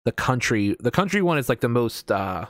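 A man's voice: mid-range voice, sing-song, moderate pace, a bit bright, no room sound, clean studio sound. An American man in casual chat as a host, rambling with lots of fillers and casual swearing. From United States.

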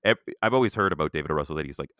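A man's voice: a bass voice, expressive, rapid-fire, a bit bright, dry recording, studio quality. A man co-hosting a casual podcast, chatting loosely with many fillers and reading a long magazine quote aloud. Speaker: podcast co-host.

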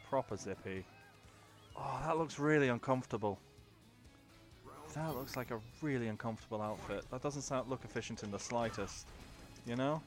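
A man's voice: mid-range voice, normal speed, pauses often, faint music behind. A young man giving casual gameplay commentary, chatty and rambling, often breaking off into baby talk. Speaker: gaming video creator.

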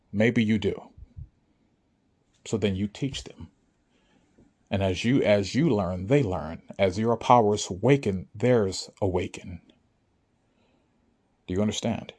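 A spiritual speaker with a lowish, darkish voice addresses listeners in a motivational monologue. He sounds preachy and insistent, regularly pausing to ask whether they get it.

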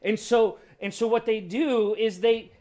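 A man preaching a sermon with emotional swings, building to loud peaks and then dropping to a soft, low voice. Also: fairly even intonation, a little slow. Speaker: pastor.

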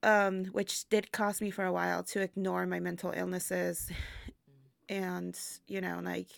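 A woman's voice: fairly low pitch, monotone, measured pace, vocal fry, dry recording, clean studio sound. A woman who performs burlesque, talking reflectively in a casual interview, laughing often and using many fillers. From immigrant to the United States.

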